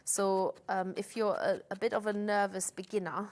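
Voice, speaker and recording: A woman's voice: medium pitch, level tone, normal speed. Woman patiently explaining a craft technique. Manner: explains steps patiently, with frequent "um" and restarts. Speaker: guest craft demonstrator. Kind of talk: live shopping-channel craft demonstration. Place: TV studio.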